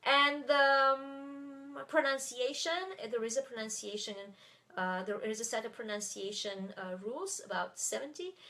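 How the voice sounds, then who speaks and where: A woman's voice: on the high side, measured pace, bright, forceful tone. French-accented woman teaching, chatty with fillers. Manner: chatty, many fillers and restarts. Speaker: French tutor. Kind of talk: live webinar teaching.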